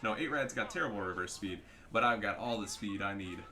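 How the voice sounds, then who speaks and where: A man giving casual, profane commentary over a strategy game, getting loud and excited at big plays. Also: lowish voice, fairly quick. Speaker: gaming commentator.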